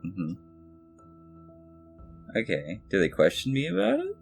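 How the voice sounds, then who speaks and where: A player in a tabletop game, asking animated questions with frequent laughs. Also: low-pitched, a little slow, gravelly, soft background music.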